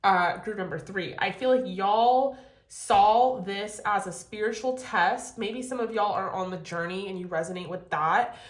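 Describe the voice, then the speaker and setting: A woman giving a casual tarot reading to camera, animated and profane, laughing often. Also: mid-range voice, unhurried, reverberant. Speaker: tarot reader.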